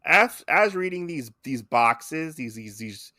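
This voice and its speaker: A man's voice: medium pitch, takes it slowly, no room sound, studio quality. A man co-hosting a podcast, chatting casually and animatedly about a comic he is reading. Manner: animated, slips into silly character voices. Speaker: podcast co-host.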